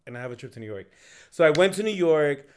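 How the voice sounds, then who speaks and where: Man podcast co-host, teasing and playful, lively pitch, slightly hoarse. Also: fast. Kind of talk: casual chat.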